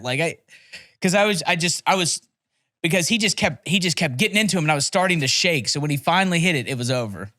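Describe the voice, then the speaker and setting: A man's voice: a little high, lively intonation, fast, pushed and bright, no room sound, clean studio sound. Man telling rambling profane stories. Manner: rambling, profane storytelling with laughs. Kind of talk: casual podcast chat. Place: podcast studio.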